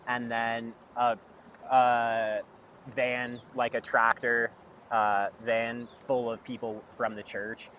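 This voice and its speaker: A young man tells a long story in loose, casual chat, packing his sentences with "like". His voice sits at an ordinary middle pitch. Faint traffic noise hums behind him. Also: little pitch movement, slow, a bit bright. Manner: rambling storyteller, heavy use of "like". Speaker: podcast guest.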